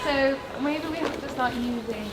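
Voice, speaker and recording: A woman's voice: sits high, normal speed. A woman, chatting casually and teasing. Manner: teasing, playful. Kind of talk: casual chat. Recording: echoey room with loud noise.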